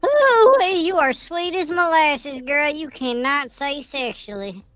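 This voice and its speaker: A man's voice: high-pitched, animated, moderate pace, no room sound, faint music behind, voice pushed up. A man voicing a flirtatious, sassy Southern belle woman in a syrupy, teasing drawl.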